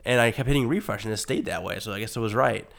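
A man chatting casually as a podcast co-host, his voice rough from being sick, rambling with lots of fillers and easy swearing. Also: fairly low pitch, fast, fairly bright tone. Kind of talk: casual chat.

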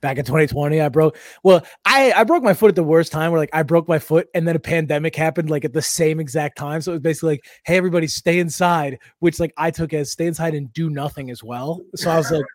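Fast-talking guy on a comedy podcast, rambling and laughing, slightly high voice, dry close mic. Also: no echo. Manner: rambling, joking, laughs often. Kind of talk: casual comedic chat.

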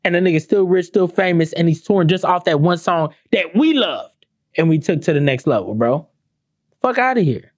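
With lively intonation and a moderate pace, a woman rants on her own podcast, the audio free of echo. Her monologue is blunt, sarcastic, and full of swearing and rhetorical questions, alternating between high exclamations and low, dropped asides.

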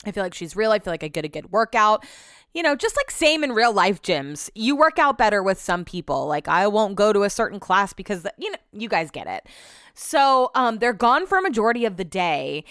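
Woman podcast host, young adult, chatty rambling storyteller, smooth clear voice, dry close sound. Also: medium pitch, sing-song, brisk, fairly bright tone, no echo. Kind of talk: casual chat.

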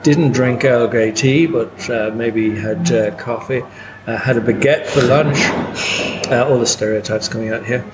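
A man on a podcast speaking in a measured, hesitant way with many uhs. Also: medium pitch. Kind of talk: casual podcast chat. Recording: clear background noise.

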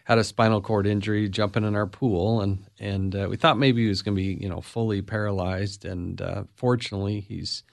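A man hosting a podcast, reflective and halting as he shares a family story. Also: fairly low pitch, fairly even intonation, gravelly. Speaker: host.

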